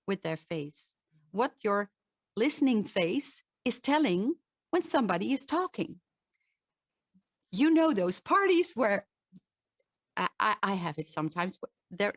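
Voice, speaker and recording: A woman's voice: medium pitch, dry recording, clean studio sound. A woman, a voice and presentation coach, giving an earnest talk with demonstrations and frequent restarts. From Netherlands.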